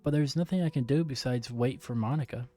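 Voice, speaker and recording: A man's voice: mid-range voice, brisk, dark tone, soft background music. A man with a slight Southern US accent, a streamer reading a visual novel aloud, often stumbling and correcting himself. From Southern United States.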